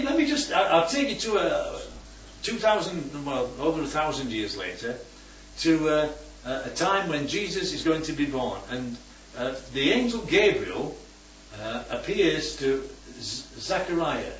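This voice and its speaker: A man's voice: a little high, very animated, measured pace, fairly bright tone, slight background noise. Man leading a Bible study, keeps asking the group questions, dull distant recording, roomy sound. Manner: keeps checking in with "right?" and "yeah?". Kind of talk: teaching a group discussion. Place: room with a small group.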